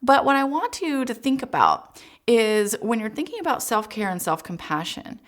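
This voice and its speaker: A woman child psychologist giving a gentle, encouraging parenting talk, speaking directly to parents. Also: fairly high pitch, sing-song, normal speed.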